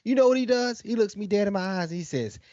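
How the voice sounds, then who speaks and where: A man's voice: sits high, expressive, quick pace, a little mellow, no echo, highs cut off. A young adult man co-hosting a casual chat, telling slangy, laughing stories and mimicking his toddler. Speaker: podcast co-host.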